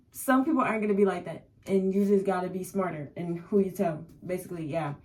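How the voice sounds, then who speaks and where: On a rough recording, a young female vlogger with a medium-pitched voice shares rambling, candid stories. It's a casual story-time vlog, heavy on slang and filler words.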